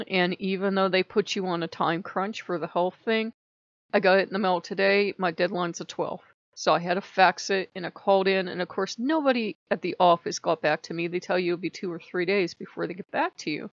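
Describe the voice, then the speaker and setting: A woman's voice: lowish voice, a little fast, dry recording. A woman vlogging in a rambling, chatty way, often laughing as she talks. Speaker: spiritual vlogger. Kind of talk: casual chat. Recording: dry, slightly muffled lo-fi.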